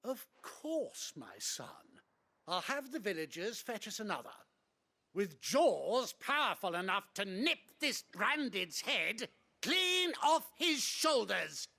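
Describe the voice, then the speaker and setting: A man's voice: sits high, big pitch swings, slow pace, vocal fry, bright, forceful tone, full character voice. An actor playing an arrogant, cruel middle-aged nobleman who talks in a pompous, sneering way.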